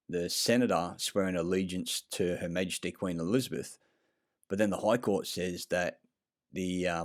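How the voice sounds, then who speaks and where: A deep-voiced man rambles through a self-recorded vlog, circling back on himself with fillers and false starts. He is blunt and swears freely. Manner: rambling, meandering, frequent fillers and restarts; blunt and profane. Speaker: vlogger. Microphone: self-recorded clip.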